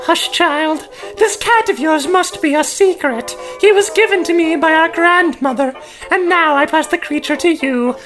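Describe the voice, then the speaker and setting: A man doing a sly falsetto elder sister. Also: normal speed, music in the background, poor audio. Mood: conspiratorial. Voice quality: high falsetto. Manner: hushed, conspiratorial. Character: scheming young woman, sly elder sister.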